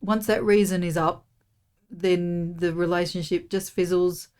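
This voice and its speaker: Middle-aged Australian woman, low-pitched, rambling chatty guest on a casual podcast. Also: fairly even intonation, a little slow, clear, resonant tone. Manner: warm, rambling, many "you know"s. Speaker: podcast guest, host's mother. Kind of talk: casual chat.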